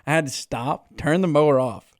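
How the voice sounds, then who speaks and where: A man's voice: on the high side, normal speed, no room sound, clean studio sound. Rowdy, laughing man swapping stories. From Texas. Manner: animated, swears freely, laughs often. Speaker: podcast guest. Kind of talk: casual storytelling.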